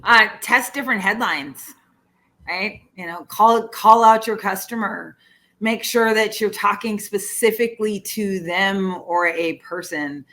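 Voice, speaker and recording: A woman's voice: medium pitch, a little slow, pushed and bright. A woman on a panel giving practical advice. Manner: practical, advising.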